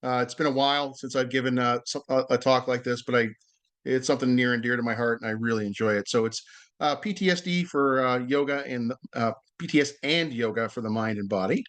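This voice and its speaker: A man's voice: medium pitch, a little fast, fairly bright tone. A man giving a casual online talk as a yoga teacher, friendly and loose, with many fillers and restarts, and guiding a breathing exercise over a video call. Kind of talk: casual presentation with guided breathing.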